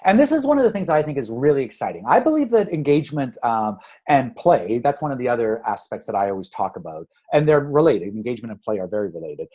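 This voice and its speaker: Lively, animated male interview guest. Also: medium pitch, quick pace, poor audio. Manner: animated, acts out anecdotes; frequent restarts and fillers. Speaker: guest speaker on engagement. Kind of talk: conversational interview.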